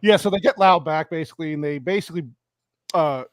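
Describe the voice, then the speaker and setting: A man's voice: fairly high pitch, fast talker, no room sound, studio quality. A young man hosting a live stream, giving rambling, profane commentary on a movie and laughing often. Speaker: streamer host. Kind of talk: casual movie watch-along commentary.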